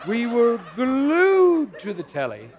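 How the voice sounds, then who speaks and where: A man's voice: very high-pitched, huge pitch swings, takes it slowly, highs cut off, heavy background noise, heavily acted. An actor playing a pompous, starstruck male newsman who gushes, fumbles and gets flustered as he interviews a guest. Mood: gushing. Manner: flustered, fawning, voice cracking. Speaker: host. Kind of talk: comedic character interview.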